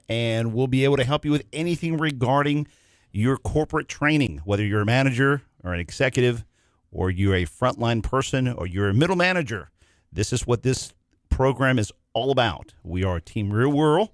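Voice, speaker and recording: Animated talkative male radio host. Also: medium pitch, no room sound, studio quality. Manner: animated, talkative, quick restarts and laughs. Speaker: radio show host and executive coach. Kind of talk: lively radio talk.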